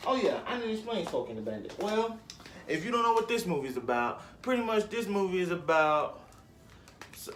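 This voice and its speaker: A man's voice: fairly high pitch, slight background noise. Rambling young man chatting casually. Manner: rambling, slangy, restarts and self-corrections. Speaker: vlogger. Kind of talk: casual movie list chat.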